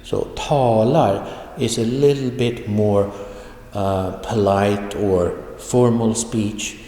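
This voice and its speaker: Low-voiced guy teaching a language class online, super slow, repeats phrases, echoey room with a long tail. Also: fairly even intonation, warm tone. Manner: slow, deliberate, repeats example phrases for pronunciation. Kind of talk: online video lecture.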